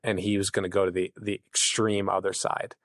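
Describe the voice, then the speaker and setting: A man's voice: deep voice, level tone, a little fast, dry recording, clean studio sound. A man, a podcast guest, explaining at length in an earnest conversational way, acting out the inner voices of the people he describes. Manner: long-winded, earnest, acts out inner voices.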